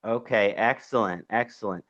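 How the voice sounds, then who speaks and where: A man's voice: fairly low pitch, moderate pace, a bit bright. Man, Philadelphia accent, nasal; earnest reflective lecturer, muffled lo-fi sound. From Philadelphia, Pennsylvania. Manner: earnest, reflective, asks rhetorical questions. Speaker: astrology lecturer.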